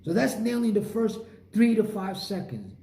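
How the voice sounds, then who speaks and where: A man's voice: high voice, very animated, moderate pace, mellow, slight background noise. A man giving a motivational sales coaching talk, emphatic and punchy, with short repeated phrases. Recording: roomy echo.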